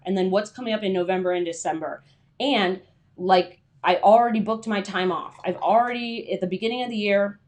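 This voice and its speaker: A young adult woman hosting a casual livestream, chatty and rambling with lots of filler words. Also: medium pitch. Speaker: freelance writer hosting a livestream.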